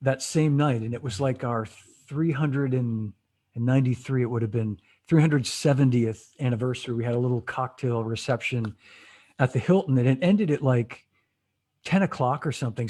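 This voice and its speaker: A man's voice: mid-range voice, normal speed, darkish tone. A man hosting a casual interview over a video call, telling a rambling story with many restarts and frequent laughs. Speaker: host.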